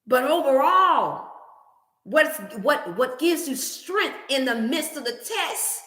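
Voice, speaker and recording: A woman hosting a motivational wellness livestream, preaching in an animated, scripture-laced way. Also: sits high, slow, reverberant. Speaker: wellness channel host.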